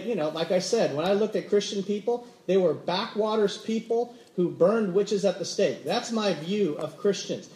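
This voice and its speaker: A man with a bright, high voice preaches a sermon in a roomy, echoing church hall. He tells stories with lively energy and acts out everyday conversations. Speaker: pastor. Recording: roomy echo.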